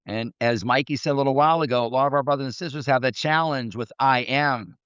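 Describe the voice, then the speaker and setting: Earnest motivational coach guy, smooth clear voice, bit muffled lo-fi sound. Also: mid-range voice, quick pace, fairly bright tone, no echo. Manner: earnest, preachy, storytelling. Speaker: mindset coach podcast host. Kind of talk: motivational talk.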